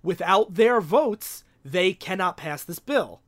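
A man's voice: high-pitched, expressive, slow. A man co-hosting a casual political chat, earnest and building his argument step by step. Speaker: podcast co-host.

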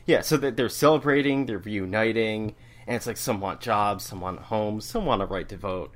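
A man's voice: fairly low pitch, moderate pace. A man co-hosting a casual podcast about comics, talking animatedly, laughing often and acting out lines from the story. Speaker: podcast co-host. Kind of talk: casual comic book discussion.

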